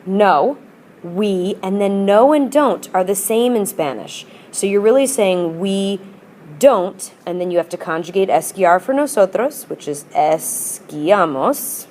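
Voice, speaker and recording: A woman's voice: mid-range voice, lively intonation, a little slow, darkish tone, slight background noise. A woman teacher explaining grammar in a patient, upbeat lesson and modelling example phrases for students. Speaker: Spanish teacher. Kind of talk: recorded classroom lesson.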